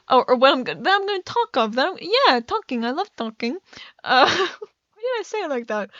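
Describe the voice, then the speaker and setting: A woman's voice: sits high, bright, forceful tone, dry recording, dull audio. A young woman, a native Dutch speaker, rambling casually over gameplay, often stumbling and restarting her sentences. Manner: rambling, self-interrupting, frequent stammered restarts. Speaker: gaming YouTuber. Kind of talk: casual rambling commentary while playing.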